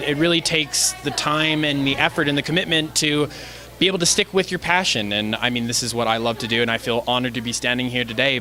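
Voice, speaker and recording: A man's voice: mid-range voice, bright, forceful tone. A young man from Canada, an actor being interviewed, friendly and easygoing, laughing often. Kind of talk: casual interview.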